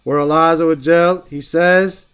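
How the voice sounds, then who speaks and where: A man's voice: fairly high pitch, steady tone, normal speed, fairly bright tone, clear, resonant tone. A man teaching Arabic grammar in an online class, explaining in casual English, reciting Arabic phrases and checking in often with "right?".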